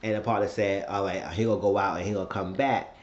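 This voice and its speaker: A man's voice: on the low side, fairly even intonation, fast, slight background noise. A man casually recapping a TV episode, telling it as a rambling story with asides and cursing. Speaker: TV show recap host. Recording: roomy, dull lo-fi sound.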